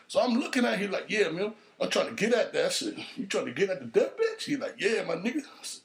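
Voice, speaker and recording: A man hosting a podcast, telling a crude street story in a casual, profane monologue and jumping into higher voices for the people he quotes. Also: sing-song, fast talker, vocal fry, few pauses. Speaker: podcast host.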